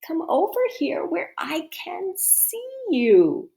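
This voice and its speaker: A woman reading a storybook aloud, voicing a wolf who fakes a sick grandmother's hoarse, cooing voice. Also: very high-pitched, very animated, takes it slowly, mellow, voice pushed up, heavily acted.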